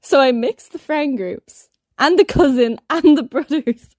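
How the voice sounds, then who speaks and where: A woman's voice: high-pitched, a little slow, darkish tone, no room sound, clean studio sound. Giggly woman rambling through a story. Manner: giggly, rambling, laughs often mid-sentence. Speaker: podcast co-host telling a story. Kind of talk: casual chat.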